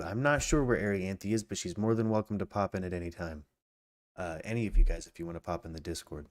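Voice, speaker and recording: A man's voice: deep voice, brisk. A man hosting a live true crime podcast stream, reading facts aloud and breaking off to chat casually with viewers. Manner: reads facts aloud then riffs casually, greets chat viewers, many restarts. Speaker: podcast host.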